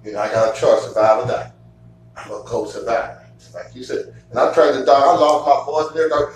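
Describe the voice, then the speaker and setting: A man hosting a casual chat, telling stories in a profane, animated way and getting loud at times. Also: mid-range voice, fast. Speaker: show host. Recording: echoey room from far off, faint hum.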